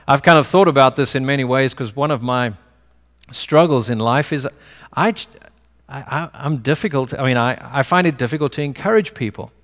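A male pastor with a non-American English accent gives a conversational sermon full of personal stories. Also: mid-range voice. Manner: conversational preaching with personal anecdotes. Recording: long hall reverb.

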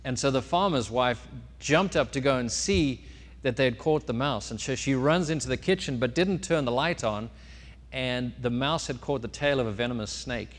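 A man giving a sermon as pastor, telling a story with sudden rises and drops in loudness. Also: mid-range voice, moderate pace. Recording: long reverb of a church hall.

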